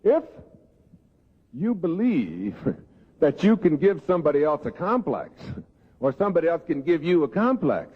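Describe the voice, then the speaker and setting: A man's voice: fairly high pitch, big pitch swings, normal speed, pauses often. A man giving a humorous self-help talk to an audience, telling stories and acting out the people in them. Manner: storytelling, acts out quoted voices. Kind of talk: humorous lecture to a live audience. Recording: tinny phone-like sound in a big hall.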